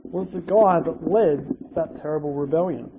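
A preacher giving a conversational sermon, using asides and rhetorical tag questions and swinging between loud emphasis and quiet, dropped phrase endings. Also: medium pitch, moderate pace. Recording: dull lo-fi recording with faint hiss.

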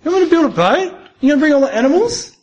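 A man's voice: big pitch swings, very fast, muffled recording. A man voicing Noah as a stunned man who cannot believe what he is asked to do. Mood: incredulous. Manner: incredulous and high-pitched.

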